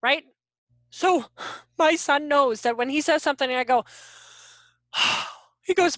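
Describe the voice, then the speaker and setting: A high-pitched woman in her thirties leads an online workshop over a video call. She is animated and keeps throwing rhetorical questions at her listeners. The sound is dry and close. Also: a little slow, long pauses, dry recording. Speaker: workshop presenter on child behavior.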